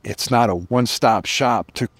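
A man's voice: mid-range voice, normal speed, no echo. A middle-aged man as a podcast guest, earnestly telling a personal story with reflective emphasis.

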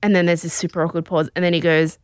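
A woman hosting a casual podcast, telling a story in an animated, chatty way. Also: fairly low pitch, fast talker, clean tone, dry recording, studio quality. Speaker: podcast host. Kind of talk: casual chat recapping a show.

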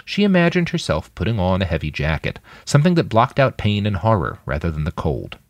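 A man narrating a thriller audiobook in an expressive, dramatic manner. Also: low-pitched, a little fast, dry recording. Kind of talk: scripted narration.

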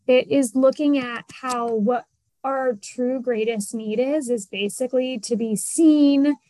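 A woman's voice: high-pitched, a little slow, dark tone, low-quality recording. A woman guest on a podcast, talking earnestly and encouragingly about parenting. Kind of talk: conversational interview.

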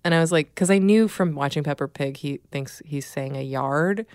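A woman's voice: deep voice, moderate pace, a little mellow, smooth, no echo, clean studio sound. A woman co-hosting a podcast, talking frankly and laughing often in casual chat. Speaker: podcast co-host.

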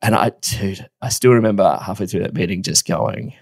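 A man, co-hosting a podcast and telling a story in a casual, animated way, swearing now and then and laughing often. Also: low-pitched, fairly quick, gravelly, breathy edge, no echo, studio quality. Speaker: podcast co-host.

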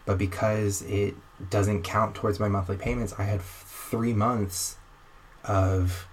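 A young man in a casual conversation, telling a personal story in a wry, animated way and acting out the voices of the people he talks about. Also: on the low side, slow pace, slight background noise. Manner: animated, wry storyteller who acts out quoted exchanges.

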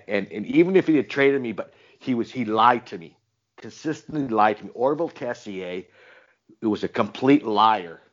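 An older man, a retired hockey player, telling animated stories in a casual interview with many repeated words. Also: fairly low pitch. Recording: dull lo-fi recording.

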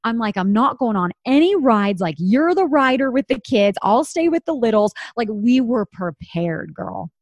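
Animated woman telling a story. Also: a little high, no echo, studio quality. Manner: animated storyteller, acts out quotes, laughs often. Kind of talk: casual chat.

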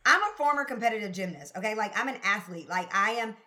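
A woman guest in a casual interview, telling her story in an expressive, emphatic way and laughing often. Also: mid-range voice, fast, slight background noise. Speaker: podcast guest, sales consultant.

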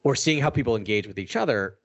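A man co-hosting a casual podcast chat, animated and self-deprecating with quick laughs. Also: medium pitch. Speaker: podcast co-host.

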